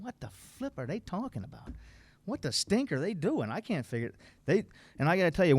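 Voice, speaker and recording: A man's voice: medium pitch, darkish tone, dry recording. A middle-aged man leading a recovery workshop in a plain-spoken, blunt way, reading passages aloud and explaining them. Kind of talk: informal workshop talk.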